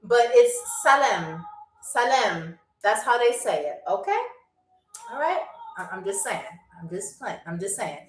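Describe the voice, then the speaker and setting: A woman's voice: medium pitch, big pitch swings, moderate pace, a little mellow. A woman from New York hosting a live trivia game show, chatty and playful, talking straight to her viewers. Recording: echoey room, distant mic, faint music.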